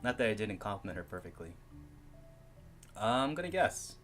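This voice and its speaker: A man reads a story game aloud, breaking off into giggly, excitable asides. His voice is bright and lively, moving up and down a lot, with faint music playing underneath. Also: lowish voice, normal speed. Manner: giggly, excitable, laughs often. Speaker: gamer reading a visual novel aloud. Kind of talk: reading game text aloud with chatty asides.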